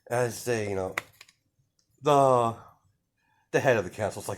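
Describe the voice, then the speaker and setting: A man's voice: medium pitch, a little slow, long pauses, a little hiss or hum. A man improvising a fan-fiction story, narrating hesitantly with many fillers and restarts.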